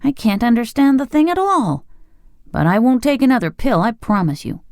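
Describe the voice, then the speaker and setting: Narrator doing a lively high-voiced boy, sulky, quick-tempered, storybook reading, dry close sound. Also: no echo. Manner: high, boyish and excitable. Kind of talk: audiobook character voice.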